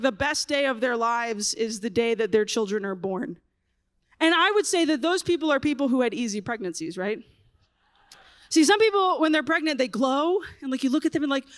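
A woman in her thirties giving a humorous keynote talk at a conference, telling lively stories and acting out children's voices. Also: sits high, dry recording, clean studio sound. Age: 30s. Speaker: conference speaker. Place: conference stage.

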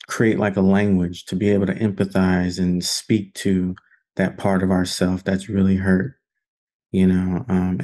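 Man, discussion leader, deep voice, warm tone, conversational, fillers. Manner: earnest, conversational, many fillers. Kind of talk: reflective talk in an online film study group.

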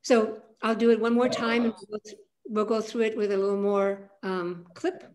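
An older woman, an aikido teacher, guiding a calm centering practice on a video call with a soft, unhurried manner. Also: medium pitch, slight background noise. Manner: calm, soft-spoken guidance with frequent pauses.

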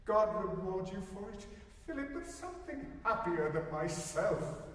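A man's voice: big pitch swings, a little slow, recorded from a distance. A man voicing a tender, hesitant mother who pleads in a raised, emotional voice, recorded live from afar in a roomy hall. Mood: pleading. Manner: pleading, rising high in emotion. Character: woman, a poor widowed mother, tender, hesitant.

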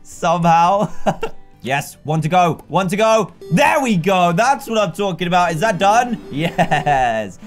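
High-voiced, excitable gaming commentator. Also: male voice, unhurried, soft background music. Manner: excitable, laughing, talks to himself about the game. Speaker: gaming YouTuber. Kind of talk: let's play commentary.

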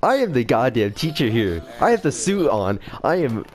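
A man's voice: medium pitch, big pitch swings, normal speed, a little mellow. A man gaming online, playing a mock-stern, exasperated teacher and laughing often. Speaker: gaming video host. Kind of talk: playful teacher role-play in online game chat. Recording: busy online voice chat with many players.

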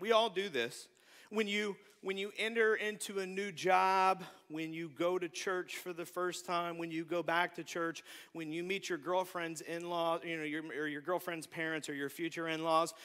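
A man preaching in a church sanctuary, lively and joking, now and then acting out the people he talks about. His voice sits high and sounds bright and forceful. The reverb of a big hall trails behind each phrase. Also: normal speed. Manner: animated, joking, acts out quoted voices. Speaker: pastor. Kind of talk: sermon.

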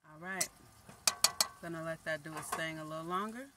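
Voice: mid-range voice, moderate pace. Playful cooking vlogger over a sizzling pan. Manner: playful, chatty, self-teasing. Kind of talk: casual chat while cooking. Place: home kitchen. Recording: noisy kitchen with frying sizzle. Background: sizzling pan and stirring.

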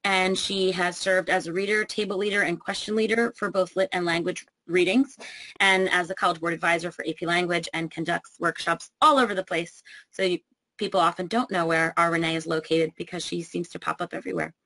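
A woman's voice: fairly low pitch, steady tone, a little fast, a bit bright, no echo, poor audio. A woman hosting a webinar and introducing the authors, with many ums as she reads through their biographies. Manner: frequent ums, reading introductions. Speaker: webinar host.

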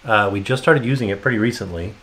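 A man's voice: on the low side, fast talker, fairly bright tone. A man co-hosting a vlog who chimes in casually with short, matter-of-fact remarks. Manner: brief, matter-of-fact interjections. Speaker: vlog co-host. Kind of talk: casual chat.

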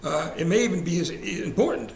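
In an echoey room with a faint ambient hiss, a man runs a conversational church Bible study, quizzing the group and restating verse references. His voice sits high, a little fast, creaky and slightly mellow.

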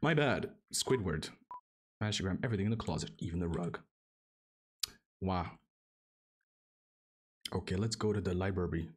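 A man's voice: sits low, normal speed, long pauses, a little hiss or hum. A man streaming a game, casually joking and reading the game's dialogue aloud in silly voices. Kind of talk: casual let's-play commentary. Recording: loud game music behind voice.

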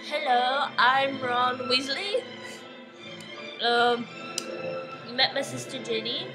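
An awkward boy wizard with little to say, voiced by a girl. He speaks slowly with pauses in a high, lowered-energy voice. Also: music in the background, low-quality recording. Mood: shy. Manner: slow, mumbling with ums.

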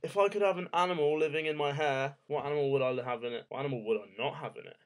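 A man's voice: a little high, very fast. A man in his twenties vlogging from home in a casual, rambling monologue, firing off jokey rhetorical questions and swearing casually. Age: 20s.

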